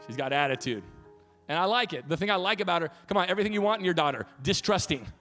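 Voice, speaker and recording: A man's voice: sits high, fast talker, soft background music. A pastor in his thirties preaching a sermon, telling family stories with a voice that carries and acting out quotes. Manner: storytelling with laughs, animated quotes. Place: church sanctuary.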